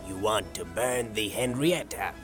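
A man voicing a gruff, hard-nosed sea captain in slow, blunt audiobook dialogue. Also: on the low side, lively intonation, over music.

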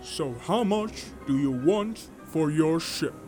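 A man voicing a calm, determined gentleman traveler, speaking in a measured, precise way in audiobook dialogue. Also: fairly high pitch, soft background music. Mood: businesslike.

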